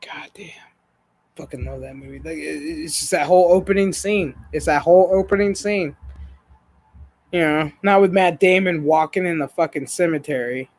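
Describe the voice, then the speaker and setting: A man hosting a gaming stream, telling a story in casual chat, profane and animated. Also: a little high, normal speed, no room sound.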